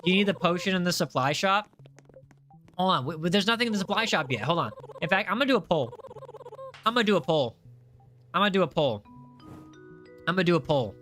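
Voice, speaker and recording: High, bright-voiced young male streamer. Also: fast talker, long pauses, faint music behind. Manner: excitable, jokey, reads chat aloud, frequent restarts. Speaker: livestream host. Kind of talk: casual game livestream chat.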